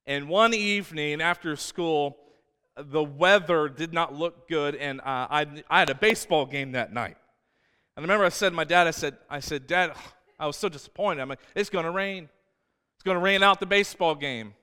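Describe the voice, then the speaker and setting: A man's voice: on the high side, normal speed, smooth. A man preaching a sermon as a pastor, telling personal stories with many restarts. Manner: storytelling, animated with many restarts. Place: church sanctuary. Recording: church hall with long reverb.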